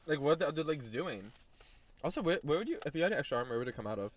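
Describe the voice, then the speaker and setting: Lively young man chatting in a car. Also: on the high side, very fast. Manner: animated, laughing, swears casually. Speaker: podcast co-host. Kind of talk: casual chat in a car. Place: parked car.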